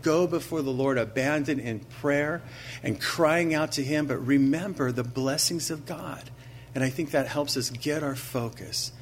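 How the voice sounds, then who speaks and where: A man's voice: mid-range voice, slight background noise. Earnest male pastor preaching. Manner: conversational preaching full of rhetorical questions; earnest, slows down to stress key phrases. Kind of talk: sermon.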